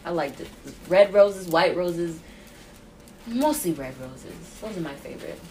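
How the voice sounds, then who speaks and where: Chatty over-caffeinated young mom. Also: female voice, lowish voice, lively intonation, a little slow, a little mellow, slight background noise. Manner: chatty, jittery, laughs often. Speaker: podcast host and mom. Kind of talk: rambling casual monologue.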